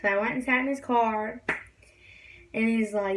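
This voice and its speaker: A woman's voice: fairly high pitch, normal speed, a little hiss or hum. A young woman telling a story in a casual, rambling way, full of fillers. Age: young adult. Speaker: vlogger. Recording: distant from the mic.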